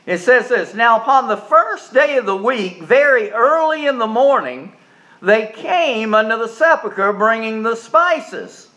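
A man preaching a sermon. His voice sits high and sounds bright and forceful. He swings from booming emphasis to soft, folksy asides, often repeating a word as he gets going. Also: lively intonation, a little slow. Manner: emphatic preaching with sudden loud rises and quiet asides; folksy, repeats words when starting sentences.

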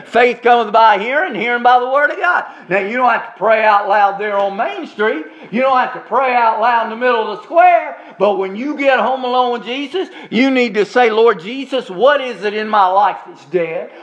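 A man preaching a sermon as pastor, stretching out key phrases slowly for emphasis. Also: extremely high pitch, expressive, fairly bright tone, dull audio. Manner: preaching with slow, drawn-out emphasis on key words.

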